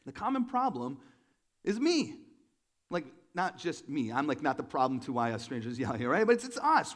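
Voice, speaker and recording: A male pastor giving a conversational sermon to his congregation, animated and full of joking asides. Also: high voice. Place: church room with a congregation.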